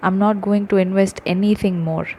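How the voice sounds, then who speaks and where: A woman's voice: medium pitch, steady tone, a little fast, mellow, slight background noise, natural voice. A woman doing a stingy, sarcastic young man. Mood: exasperated. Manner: sarcastic, exasperated.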